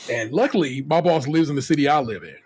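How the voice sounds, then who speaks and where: A man's voice: a little high, fast talker, breathy edge. A man co-hosting a casual podcast, ranting profanely with many restarts and acting out other people in quotes. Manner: animated, voices others in quotes. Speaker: podcast co-host.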